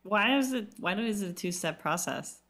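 A woman playing a tabletop game, wry and low-key. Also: animated, normal speed, fairly bright tone. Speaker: player. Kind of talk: casual tabletop play.

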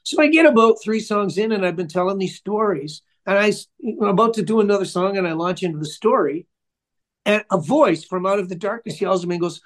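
Older male musician guest, high-pitched, loves to ramble through anecdotes. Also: lively intonation, a little fast. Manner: chatty, rambling storyteller. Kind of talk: casual interview storytelling.

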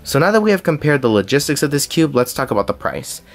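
Young man, scripted review voice-over, reads with small slips, medium pitch. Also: very animated, fast. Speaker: cube reviewer.

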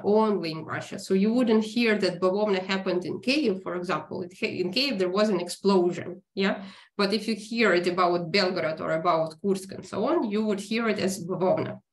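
A woman whose first language is Ukrainian, from Ukraine, giving an online lecture in a halting way with many fillers and self-corrections. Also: mid-range voice. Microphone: video call.

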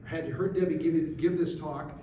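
High-voiced man telling a story, echoey. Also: moderate pace, dull audio. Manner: animated storyteller, emphatic rhetorical questions. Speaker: guest speaker. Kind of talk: storytelling talk to a gathering. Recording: echoey room, distant mic, faint hiss.

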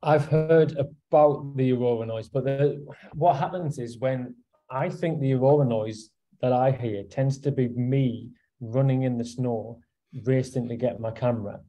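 A man with a very dark, mellow tone answers casually and pokes fun at himself. His pitch sits in an ordinary middle range. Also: fairly even intonation, a little slow, dull audio. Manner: joking, self-deprecating. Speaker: astrophotographer guest. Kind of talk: casual Q&A chat.

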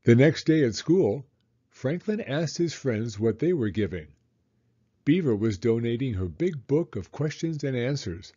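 Brief: male storybook reader, mellow and a bit husky, lively delivery, dull lo-fi audio. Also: medium pitch, a little slow. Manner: expressive, animated reading. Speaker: children's book reader. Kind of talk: storybook read-aloud.

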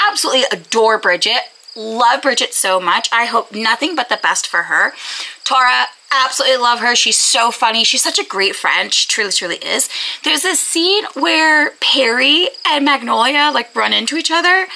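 A woman's voice: fairly high pitch, animated, moderate pace, gravelly, pushed and bright, a little hiss or hum, low-quality recording. A young woman talking casually in a reading vlog, emphatic and gushing, full of "like" and "you know what I mean". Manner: emphatic, gushing and exasperated, filler-heavy. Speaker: book vlogger.

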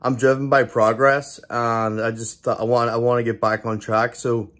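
A young man talking to camera in a casual vlog, excited and rambling, with lots of swearing and restarts. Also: medium pitch, normal speed. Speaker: bodybuilder vlogger.

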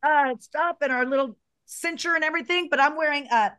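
Joking woman co-host, slightly high voice. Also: a little fast, fairly bright tone, no echo. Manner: joking and self-mocking. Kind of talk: casual chat over drinks.

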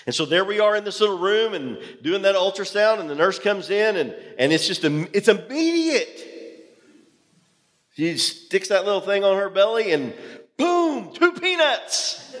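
A man, a pastor telling a personal story in a sermon with animated, self-deprecating humor. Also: high voice, measured pace, in a large hall. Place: church auditorium.

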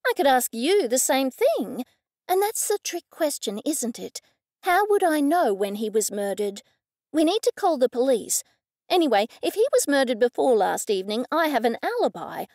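Woman narrator doing a sharp-tongued young city woman, exasperated, bright and raspy. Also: high-pitched, very animated, normal speed, no room sound, clean studio sound. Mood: indignant. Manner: snappy, exasperated.

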